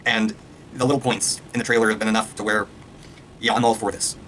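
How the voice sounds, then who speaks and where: A man reviewing a trailer in a casual, excitable rant, swearing freely and firing off points at speed. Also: fairly low pitch, slight background noise. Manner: excitable, profane, rapid-fire ranting. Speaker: video reviewer.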